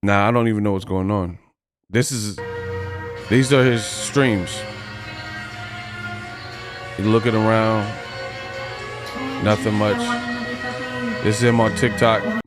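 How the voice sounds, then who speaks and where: A man's voice: on the low side, fairly even intonation, over music. A man hosting a boxing commentary video, talking in a loose, conversational way and drawing out his lines. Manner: loose, conversational, drawn-out delivery.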